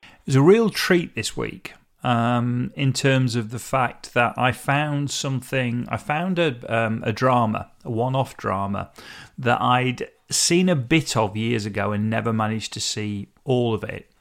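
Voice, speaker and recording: A man's voice: medium pitch, measured pace, vocal fry. A man hosting a casual solo podcast, talking in a rambling, chatty way and often correcting himself mid-sentence. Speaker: podcast host.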